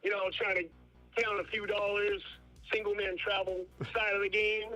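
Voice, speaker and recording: A man's voice: high voice, little pitch movement, moderate pace, bright, forceful tone, faint music behind. A man from Toronto calling in to a live show, laid-back and repeating the same catchphrases. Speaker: caller. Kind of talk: casual call-in chat. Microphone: phone. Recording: dull phone line.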